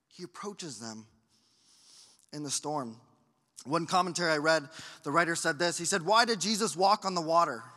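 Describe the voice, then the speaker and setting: A man preaching a sermon as a pastor, acting out quoted voices and moving between loud bursts and hushed lines. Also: fairly high pitch. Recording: hall reverb.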